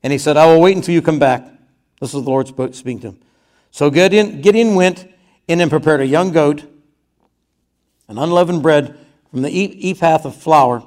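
A man's voice: on the high side, moderate pace, pauses often, a little mellow. A man preaching a conversational sermon, reading scripture aloud and then retelling it in his own words.

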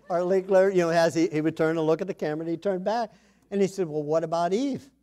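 Male pastor, high voice, folksy humorous sermon, chuckles between lines. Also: steady tone, fast talker, clean tone. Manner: chuckles often, storytelling, loud punchy emphasis.

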